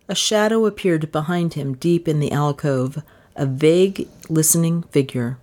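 A woman's voice: sits low, normal speed, darkish tone. A woman reading a mystery novel aloud as an audiobook narrator, telling the story expressively. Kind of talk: scripted narration.

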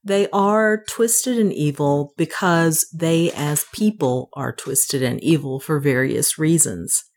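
Slow, low-voiced woman reader. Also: darkish tone. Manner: measured narration, enthusiastic chatty asides. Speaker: audiobook reader. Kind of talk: reading a classic novel aloud, then casual commentary.

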